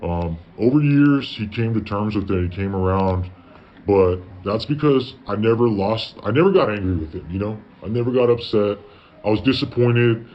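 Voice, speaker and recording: A man's voice: lowish voice, normal speed. A man telling a long, casual story. He swears a lot and quotes himself with "I was like". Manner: profane, tells stories with lots of "I was like" quoting. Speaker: guest telling his story. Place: parents' garage. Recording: dull lo-fi audio with faint background noise.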